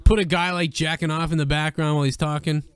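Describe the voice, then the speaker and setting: A man hosting a casual, profane wrestling chat, talking excitedly and laughing often. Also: fairly high pitch, fast. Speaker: podcast host.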